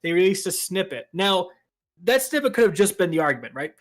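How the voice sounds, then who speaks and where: A man's voice: high-pitched, a little fast. A man co-hosting a gaming podcast, telling stories animatedly and acting out quotes. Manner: animated storytelling, acts out quotes. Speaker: podcast co-host. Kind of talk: casual gaming podcast chat.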